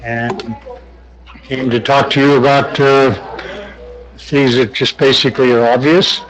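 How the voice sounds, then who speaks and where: A man speaking during public comment at a county meeting in a plain, deliberate way. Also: medium pitch, little pitch movement, lo-fi sound, a little hiss or hum.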